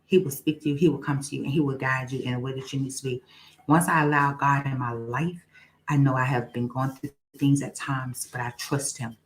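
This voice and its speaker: Young woman host, low voice, chatty live stream, greets viewers, testifies. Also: fairly even intonation, fairly quick, slight background noise, low-quality recording. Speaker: livestream host. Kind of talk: casual live-stream chat.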